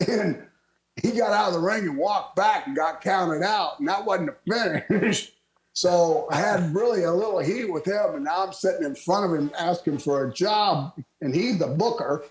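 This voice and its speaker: An older man from Florida, a retired wrestler, telling lively stories as a guest and laughing often. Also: sits high, normal speed. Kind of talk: storytelling interview. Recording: roomy echo.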